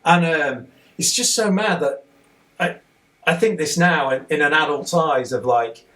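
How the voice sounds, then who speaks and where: A man, a podcast guest, telling an excited, rambling story in casual conversation, sitting some way off the mic. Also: fairly high pitch, unhurried.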